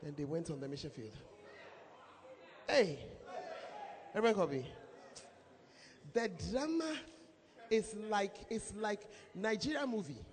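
A woman pastor preaching a sermon in a lively, shouting, laughing manner. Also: mid-range voice, slow pace, long pauses. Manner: animated, shouts and laughs often. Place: church hall with congregation. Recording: reverberant hall, faint crowd.

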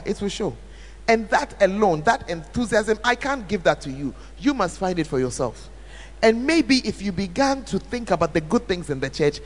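A woman, a church leader answering questions at a church camp, talking animatedly with emphatic repetition. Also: mid-range voice. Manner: animated, emphatic repetition, acts out quoted speech. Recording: reverberant hall.

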